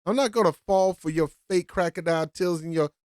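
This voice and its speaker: A woman's voice: on the low side, fairly quick, darkish tone, dry recording. A woman giving a slangy, mocking reaction commentary on a street video.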